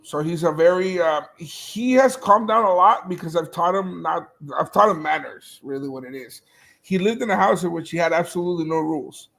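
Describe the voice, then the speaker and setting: Talking casually about his dogs and their litters, a man who breeds dogs speaks briskly in a rather high, somewhat bright voice with vocal fry. He laughs readily and lets sentences trail off.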